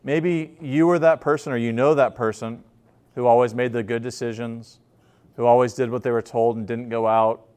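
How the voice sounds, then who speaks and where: A man's voice: medium pitch, fairly even intonation, moderate pace, darkish tone, clean tone. A male pastor delivers a sermon as an easygoing story told to a congregation. He talks informally, often restarting his sentences and using filler words between thoughts.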